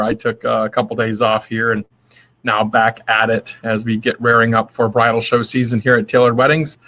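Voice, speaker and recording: A man's voice: mid-range voice, fairly bright tone, lo-fi sound. A man hosting his daily live stream, giving a casual motivational talk in a friendly, rambling way with many fillers and restarts. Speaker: host of a daily live video.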